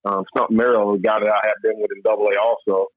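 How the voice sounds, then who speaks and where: A man's voice: lowish voice, fast talker, no room sound. A man from Louisville, a former pro baseball player, telling his story in a casual interview and tossing in "man" a lot. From Louisville, Kentucky, US. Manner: animated, repeats "man" and restarts often. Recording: dull lo-fi dry sound.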